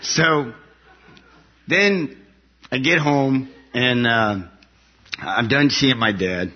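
Soldier telling his story to an audience: an animated, laughing man with a husky voice, recorded a little muffled. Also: mid-range voice, very slow.

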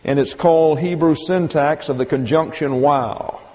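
A male Bible teacher works through his point step by step, slowing to stress each quoted phrase. His voice sits a little high but sounds mellow and dark. A long reverb from the hall trails behind him. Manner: methodical, step-by-step explaining, slow emphatic quoting. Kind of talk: evening Bible lesson.

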